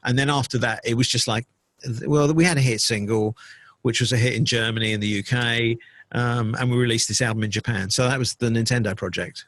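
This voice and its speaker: A middle-aged man, a DJ and producer, recalling his career in a casual interview, relaxed and full of fillers. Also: mid-range voice, a little fast, dry recording. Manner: relaxed storytelling with many fillers.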